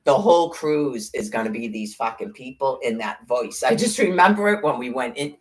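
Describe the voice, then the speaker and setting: A woman's voice: extremely low pitch, animated, normal speed. A middle-aged woman in casual chat, rambling, blunt and profane, with sarcastic asides. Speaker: podcast host.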